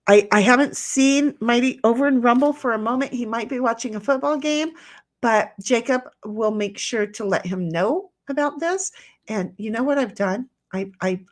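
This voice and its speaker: A slightly high-voiced woman paints during a relaxed livestream, voicing chat messages in fun, silly tones. Her talk wanders, full of false starts.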